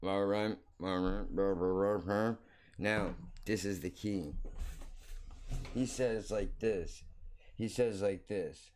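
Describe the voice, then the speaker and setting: A man's voice: on the low side, slow, pauses often, darkish tone. A man hosting his own show, telling a rambling story bluntly and swearing freely. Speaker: podcast host. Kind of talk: casual storytelling monologue.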